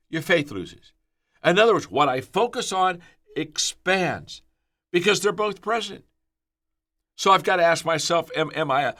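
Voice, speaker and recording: A man's voice: a little high, fairly bright tone. A man giving a motivational leadership talk, repeating key phrases for emphasis and telling stories. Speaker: leadership speaker.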